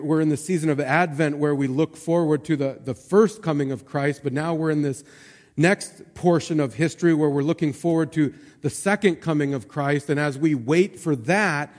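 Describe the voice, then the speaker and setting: A man preaching a sermon as pastor, speaking earnestly and conversationally, often dropping to a soft, low voice. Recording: long reverb of a large room.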